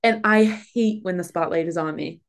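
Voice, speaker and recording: A woman's voice: fairly low pitch, normal speed. A woman hosting a podcast, chatting casually with a guest in a gushing way, with lots of filler words. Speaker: podcast host. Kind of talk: casual interview chat.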